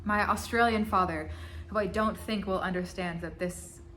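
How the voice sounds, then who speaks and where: A woman's voice: mid-range voice, steady tone, moderate pace, a bit bright, slight background noise. A young woman in her twenties, a singer and vlogger, answering fan questions in a giggly, chatty and playful way. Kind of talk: casual Q&A vlog.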